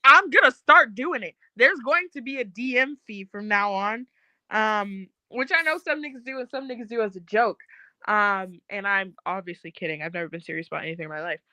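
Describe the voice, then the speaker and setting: A woman's voice: medium pitch, a little fast, pushed and bright, dry recording, low-quality recording. A young woman co-hosting a casual chat, blunt, profane and joking. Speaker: podcast co-host.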